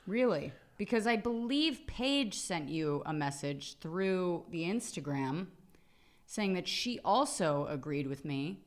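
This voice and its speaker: A woman's voice: on the low side, animated, takes it slowly. A woman co-hosting a comedy podcast, mock-serious and insistent in casual banter.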